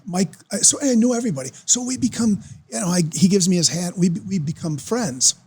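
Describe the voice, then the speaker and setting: A man, telling a story as a podcast guest in an excitable, animated way. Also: high-pitched, brisk, slightly rough. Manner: animated, excitable storyteller who acts out quoted voices. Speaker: podcast guest, former football player. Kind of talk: casual storytelling.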